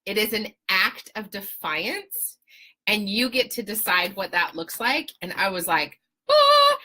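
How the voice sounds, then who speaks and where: A woman's voice: medium pitch, measured pace, pushed and bright. Chatty, cussing woman live-streaming from home. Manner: chatty, profane, greets viewers by name. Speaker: host of a live video stream. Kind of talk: casual live-stream chat.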